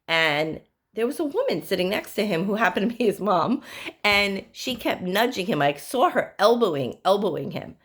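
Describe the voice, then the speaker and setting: A woman psychic medium giving spiritual advice to her viewers, telling stories in an earnest, direct way. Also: medium pitch. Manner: earnest, storytelling, direct address.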